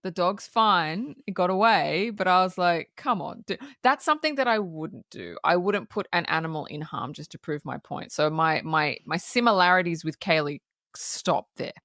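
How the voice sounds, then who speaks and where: A woman's voice: on the low side, lively intonation, moderate pace, a bit bright, no echo, studio quality. A woman co-hosting a podcast, recapping a film in casual chat and laughing often. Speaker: podcast co-host. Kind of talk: casual movie review chat.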